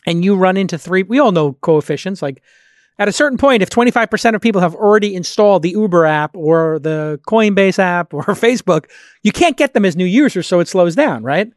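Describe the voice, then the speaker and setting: A man's voice: high-pitched, lively intonation, brisk, no room sound, clean studio sound. A man hosting a podcast, talking in a casual, chatty way and thinking aloud as he goes. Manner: talkative, thinks aloud, restarts sentences. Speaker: podcast host. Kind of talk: casual conversational discussion.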